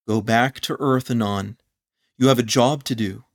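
A man's voice: medium pitch, fairly even intonation, natural voice. A man doing a grave, grieving heavenly father. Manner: slow, heavy, grave.

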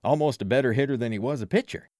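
A man doing an excitable, chatty baseball fan. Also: medium pitch, very fast, no echo, studio quality, close to an everyday voice. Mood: excited. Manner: excited, talkative. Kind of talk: audiobook character voice.

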